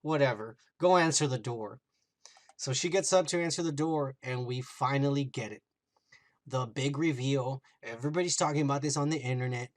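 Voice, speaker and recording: A man's voice: mid-range voice, brisk. Man recapping a TV episode in a casual, swearing podcast chat. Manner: animated, profane retelling with acted-out quotes. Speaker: podcast host.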